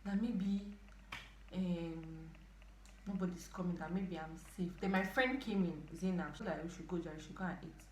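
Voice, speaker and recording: A young woman in her twenties with a Nigerian accent, telling a storytime vlog in an animated way with dramatic outbursts. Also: fairly low pitch, normal speed, slight background noise. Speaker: storytime vlogger. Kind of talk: casual storytelling to camera. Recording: echoey room.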